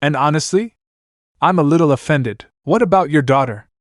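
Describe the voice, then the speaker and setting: A man's voice: fairly high pitch, animated, moderate pace, no echo, clean studio sound, voice pushed up, lightly acted. A man voicing a haughty, defensive male space-time entity.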